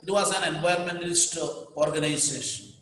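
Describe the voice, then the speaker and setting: A man's voice: a little high, brisk, fairly bright tone, slight background noise. A man with an Indian English accent teaching a class, repeating key points emphatically and dictating what students should underline. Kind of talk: classroom lecture. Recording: very echoey hall, reverberant.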